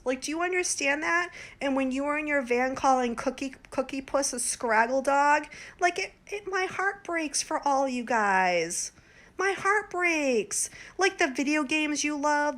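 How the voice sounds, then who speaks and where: Tipsy woman, 40s, livestream host, rambling and pleading, slightly high voice. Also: a bit bright. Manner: rambling, pleading, talks straight to viewers.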